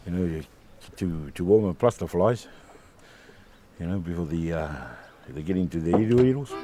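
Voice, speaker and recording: A man chatting in a relaxed, unhurried way outdoors. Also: sits low, a little hiss or hum. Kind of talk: casual chat outdoors.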